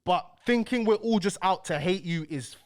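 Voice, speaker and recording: A man's voice: high-pitched, expressive, moderate pace. A man delivering heated, slangy commentary as a YouTube host. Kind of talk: ranting commentary.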